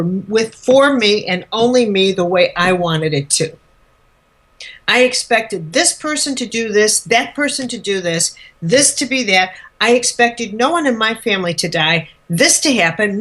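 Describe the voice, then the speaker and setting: A woman's voice: a little high, fairly bright tone. A woman teacher giving a live spiritual lecture, speaking emphatically and bluntly, repeating words for force.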